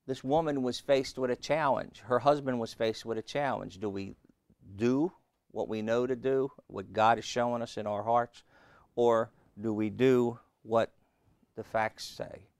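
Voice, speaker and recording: A man preaching a sermon, emphatic, rising loud and high on key points and calling out questions to the congregation. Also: fairly even intonation, a little slow, creaky, clear, resonant tone, no room sound, studio quality.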